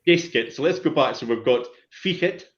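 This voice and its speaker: A man leads a calm one-to-one language lesson, voice at an ordinary middle pitch. He is patient and encouraging as he drills words with his learner. The sound is dull and lo-fi. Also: fairly quick. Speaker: Gaelic language teacher.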